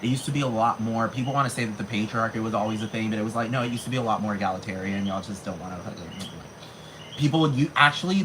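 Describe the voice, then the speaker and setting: A vlogger in their thirties in a profane ranting monologue. The speech runs on with constant swearing and filler words, at a middling pitch. Steady background hiss and chirping crickets run under the voice. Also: poor audio. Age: 30s. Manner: rapid, heavy swearing, many fillers.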